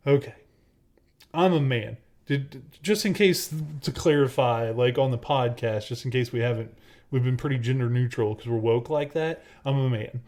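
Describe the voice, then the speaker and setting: A man's voice: medium pitch, measured pace, a little mellow. A man co-hosting a casual podcast, telling a story in a rambling way with lots of fillers and restarts. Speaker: podcast co-host.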